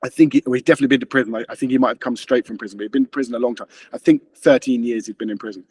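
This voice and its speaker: Male guest, husky, rapid-fire, earnest, stumbles and restarts. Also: mid-range voice, steady tone, darkish tone. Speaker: interview guest, author. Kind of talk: conversational interview.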